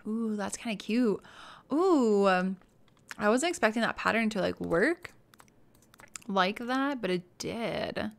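A woman live-streaming a game from her room at home, chatting casually into a desk microphone. She gushes and chats, drifting between soft murmured asides and excited squeals. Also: mid-range voice, slow, creaky, long pauses. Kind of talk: casual live-stream chat while playing.

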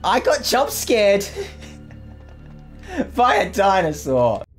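A woman's voice: mid-range voice, big pitch swings, very slow. A woman giving casual let's-play commentary, jumpy and profane, with frequent swearing and sudden outbursts. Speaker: gaming streamer. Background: game music.

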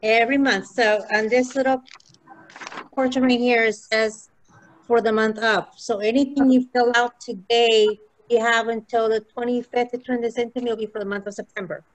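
A woman leading a casual real estate training session, chatty and quick to laugh. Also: fairly high pitch, steady tone, low-quality recording.

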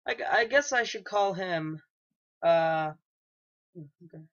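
A man's voice: high-pitched, expressive, slow, fairly bright tone. A young man, maybe a teenager, doing casual let's play commentary, hesitant and rambling with lots of ums and restarts. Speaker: gaming YouTuber. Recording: dull lo-fi home mic.

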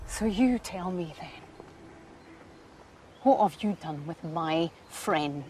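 An actress playing a sharp-tongued female amateur detective with a taunting, probing, theatrical manner. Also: on the low side, expressive, slow, slight background noise.

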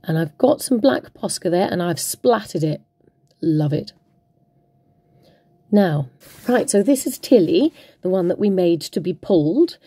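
A woman's voice: fairly low pitch, animated, a little slow, long pauses, warm tone, breathy edge, no room sound. Playful, chatty woman crafting. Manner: chatty, playful, talks to herself while working. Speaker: craft tutorial host. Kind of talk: casual crafting demonstration.

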